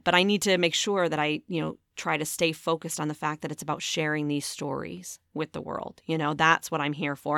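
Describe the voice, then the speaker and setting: A woman hosting a podcast, her lowish voice carrying a gravelly edge. She talks in a loose, chatty way, full of asides and little bursts of sarcasm. The sound is close and dry, with no room around it. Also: a bit bright, dry recording. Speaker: podcast host. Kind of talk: casual interview chat.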